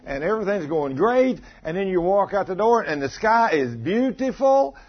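Man, pastor giving a folksy sermon, husky and a bit high, dull lo-fi recording. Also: big pitch swings, normal speed. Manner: folksy storytelling, teasing the congregation. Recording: dull lo-fi sound.

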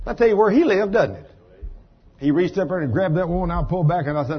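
A man preaches, telling a testimony in a folksy, animated style. His voice is fairly high and husky, and he slips into the voices of the people in the story. The recording sounds dull and lo-fi. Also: fast talker. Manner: folksy, animated, acts out voices and shouts for emphasis.

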